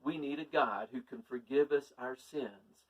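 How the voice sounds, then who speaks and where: A man, a pastor preaching in an earnest, folksy, unhurried manner. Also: mid-range voice, husky. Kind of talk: sermon storytelling. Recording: distant from the mic.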